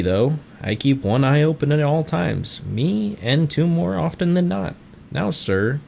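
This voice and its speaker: A man voicing a rough, friendly male tavern keeper in a salty dialect, with a gravelly edge. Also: mid-range voice, a little hiss or hum, lightly acted. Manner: piratey dialect, dropped endings, hearty.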